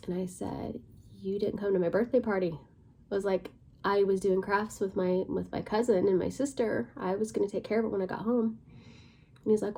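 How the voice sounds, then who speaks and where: A woman's voice: medium pitch, steady tone, moderate pace, gravelly, dark tone, breathy edge. A young woman vlogging, telling a personal story in a casual, conversational way, full of fillers, sometimes dropping to a near whisper. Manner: conversational, many fillers, drops to a near whisper at tense moments.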